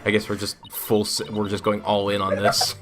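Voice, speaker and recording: A man streaming a game, commenting casually and joking quickly. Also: lowish voice, completely flat delivery, a bit bright, faint music behind.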